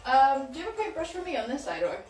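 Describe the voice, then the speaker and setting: A high-pitched, playful woman whose first language is Icelandic teases her coworkers in casual chat. She is heard from a distance in a roomy office, with faint music behind. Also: sing-song, a little mellow. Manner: playful, quick to laugh, teasing. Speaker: streamer. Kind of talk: casual banter while painting.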